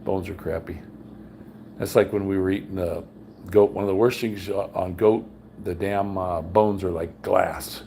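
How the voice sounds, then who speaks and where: A man's voice: fairly even intonation, measured pace, gravelly, mellow, a little hiss or hum. An older man chatting casually on a livestream, telling folksy stories and acting out other people's lines in a raised voice. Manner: folksy storyteller, acts out quotes in a higher voice. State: undergoing cancer treatment. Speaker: vlogger. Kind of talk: casual rambling livestream chat. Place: home room with high ceilings.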